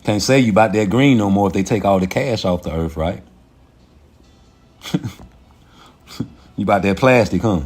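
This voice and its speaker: A man hosting a casual livestream, ranting in a profane, animated way and laughing often. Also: on the low side, normal speed, pauses often, slightly rough, soft background music. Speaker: livestream host.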